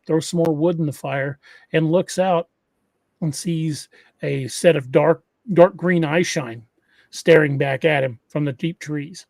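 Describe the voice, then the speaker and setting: A man's voice: fairly high pitch, a little mellow, dry recording. Man retelling a scary story, dry close mic. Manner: retells an encounter story with many restarts. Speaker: podcast host. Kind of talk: casual storytelling.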